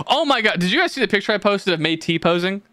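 A young man co-hosting a podcast, telling stories in casual chat, animated and swearing freely, acting out the people he quotes. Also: high-pitched, fast talker, no room sound. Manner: swears a lot, animated storytelling with quoted voices. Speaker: podcast co-host.

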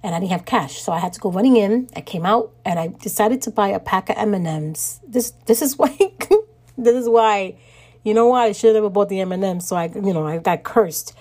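Middle-aged woman podcast host, casual solo storytelling, animated and indignant, quick laughs, mid-pitched voice.

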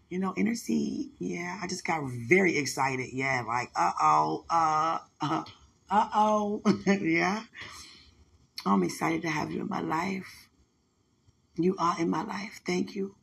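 A young woman, talking affectionately and religiously to her partner and breaking into lively, laughing storytelling. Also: on the low side, a little slow, creaky, slightly rough. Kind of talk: casual emotional chat.

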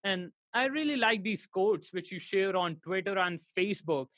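A man's voice: sits high, expressive, normal speed, a bit bright, dry recording. A man from India interviewing a singing teacher, agreeing and asking questions. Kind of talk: conversational interview over a call.

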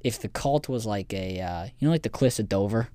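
A man's voice: fairly low pitch, lively intonation, brisk, dark tone. A man co-hosting a podcast, casually recapping a documentary in a rambling way, swearing and laughing often. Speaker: podcast co-host.

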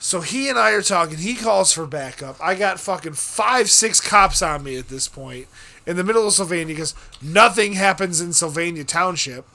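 A young man telling a story on a casual podcast, swearing freely and getting loud and animated when he acts out what happened. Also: high voice, moderate pace, creaky. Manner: profane, animated, bursts into shouting when reenacting.

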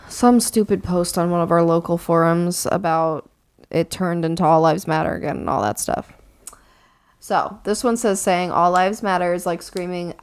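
Frank woman in casual chat. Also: on the low side. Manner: frank, emphatic, agrees often.

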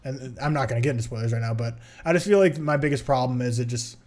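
Young guy on a movie podcast, rambly, keeps restarting, mid-pitch voice. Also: fast, a little mellow. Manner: rambling, self-correcting film opinions. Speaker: podcast co-host. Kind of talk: casual chat.

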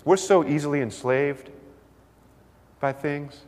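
A man preaching a sermon, telling stories with lively delivery and acting out the voices of the people in them. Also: on the high side, unhurried. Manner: animated storytelling, acts out voices. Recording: long hall reverb.

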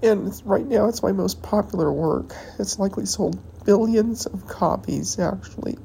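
A woman hosting a podcast, talking in a rambling, halting personal monologue while tearful and emotional. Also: mid-range voice, creaky, mellow, slight background noise, rough recording. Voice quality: halting, hesitant delivery with pauses. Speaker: podcast host.

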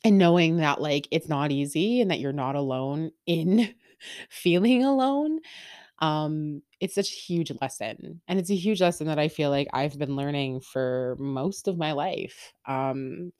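A woman's voice: low voice, no room sound, clean studio sound. A woman in her thirties hosting a podcast, talking openly and rambling in a candid personal monologue. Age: 30s. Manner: open, rambling, lots of fillers and laughs. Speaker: podcast host.

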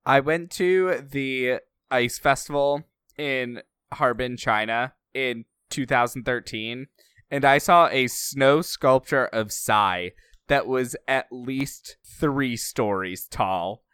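Slow talking guy, smooth clear voice, dry wry comments, dead dry sound. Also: medium pitch, a bit bright, dry recording. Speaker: podcast co-host. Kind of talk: casual film-review chat.

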